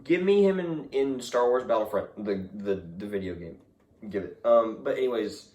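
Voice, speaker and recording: A man's voice: on the low side, lively intonation, moderate pace, a little mellow, recorded from a distance. A man co-hosting a casual movie review chat, enthusiastic and gushing, often repeating himself. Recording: echoey room, voice from off-mic.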